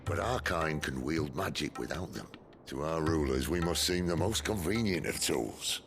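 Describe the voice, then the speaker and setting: An actor playing a cynical middle-aged male rebel leader with a deep, gravelly voice and a wry, world-weary manner. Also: animated, normal speed, fairly bright tone, heavily acted. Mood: bitter. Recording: game audio with music behind.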